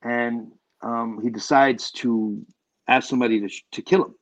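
The interview guest, a male filmmaker, tells animated, rambling stories in a casual way, with frequent restarts. His mid-range voice moves at normal speed, and the recording is rough.

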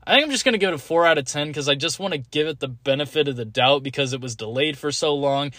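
A man hosts his own review podcast, talking candidly and rambling, with plenty of filler "like"s. His voice sits a little high, and the sound is dry and close. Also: quick pace, pushed and bright, dry recording. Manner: candid, blunt, rambling with frequent "like". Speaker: podcast host. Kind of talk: casual solo review podcast.

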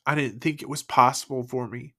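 Man, personal faith testimony, earnest, emotional, halting delivery, mid pitch. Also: fairly even intonation, sharp tone.

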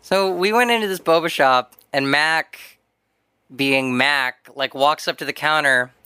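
A woman's voice: deep voice, measured pace, clean tone, no echo. A young woman co-hosting a podcast, chatting casually and telling stories with lots of laughter. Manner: giggly, animated storyteller. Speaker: podcast co-host. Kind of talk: casual chat.

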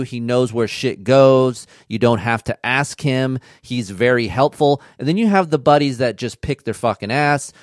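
A man's voice: medium pitch, no room sound, clean studio sound. Blunt, profane man hosting a podcast. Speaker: podcast host. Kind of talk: casual podcast chat. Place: studio.

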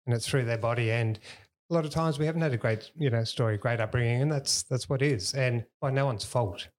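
A man's voice: mid-range voice, fairly quick. A middle-aged man as a podcast guest, reflective and earnest, restarting his sentences as he thinks. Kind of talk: casual podcast conversation.

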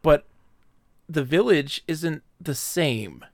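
Guy on a podcast recapping a book, lively, dry close sound. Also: fairly high pitch, creaky, no echo. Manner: animated, slips into quick voices for characters. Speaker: podcast co-host. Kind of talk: casual book discussion, retelling a plot.

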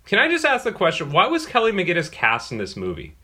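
Man, podcast co-host, bright tense voice, dry blunt delivery, casual chat. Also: sits high, wildly swooping pitch, fast, slightly rough.

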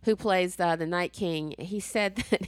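A woman in casual chat, excitedly recapping a TV episode, swearing freely and acting out the scenes. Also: fairly low pitch, measured pace, no echo.

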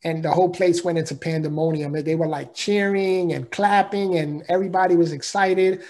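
A man's voice: a little high, steady tone, normal speed, a little mellow. A man telling a personal story as an interview guest, earnest and emphatic, in a casual way of talking.

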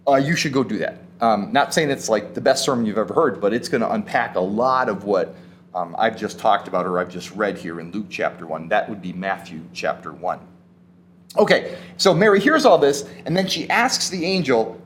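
A male pastor preaches in an animated, storytelling style at a moderate pace, his pitch swinging widely as he leans on key words. Between readings he slips into casual, conversational asides. A faint ambient hum lies beneath his voice.

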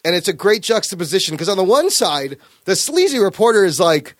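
A man hosting a casual podcast, animatedly retelling a comic story with profanity and quick acted-out quotes. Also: sits high, sing-song, no room sound, clean studio sound. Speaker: podcast host. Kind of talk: casual comic book chat.

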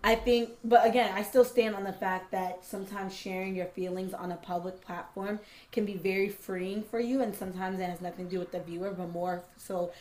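A woman co-hosting a casual podcast, with a mid-range voice. She talks in a measured way and weighs both sides of a point before settling. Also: medium pitch, steady tone, a little mellow. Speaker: podcast co-host. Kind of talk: casual chat.

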